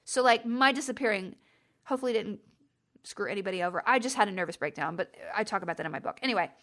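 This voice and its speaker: A middle-aged woman hosting a podcast, telling a travel story in a chatty, exasperated way and jumping up in pitch for emphasis. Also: fast, a bit bright. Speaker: podcast host. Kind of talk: casual storytelling monologue.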